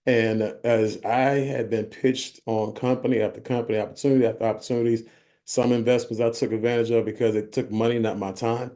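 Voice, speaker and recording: A company vice president gives a conversational business presentation to a group in a warm, medium-pitched voice, brisk but flat in delivery, frequently checking in with his listeners.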